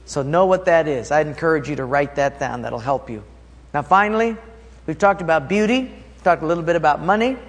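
A man's voice: on the high side, expressive, a little fast. A pastor preaching a sermon, telling a story from his own life and acting it out with energy. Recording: long hall reverb.

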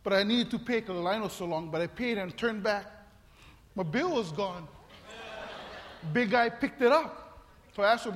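A man's voice: high voice, normal speed, long pauses, fairly bright tone. A man, a pastor telling a comic story in a sermon, acting out voices and laughing often. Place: church hall. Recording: long reverb of a large hall.

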